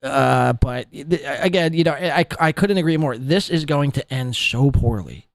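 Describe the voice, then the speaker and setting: A man's voice: mid-range voice, lively intonation, measured pace, creaky, no echo, clean studio sound. A man hosting a podcast, ranting sarcastically and with a lot of swearing as he reacts to clips. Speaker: podcast host.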